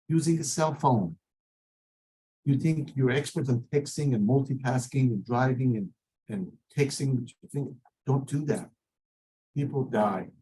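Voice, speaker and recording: A middle-aged man, a lawyer, lectures teenagers in an earnest, warning tone. His voice is slightly husky and sits at an ordinary pitch. His English has non-native phrasing. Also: a little mellow, poor audio. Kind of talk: advisory talk to teenagers.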